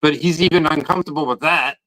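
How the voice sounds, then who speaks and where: A man chats casually on a podcast. His voice sits slightly high and sounds bright and forward. He rambles and restarts his sentences a lot. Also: fast, poor audio. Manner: rambling, repeats words when starting sentences. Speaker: guest protester.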